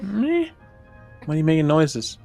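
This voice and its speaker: Male player, low voice, dry and wry casual commentary. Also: fairly quick, faint music behind. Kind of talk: casual banter during a tabletop game.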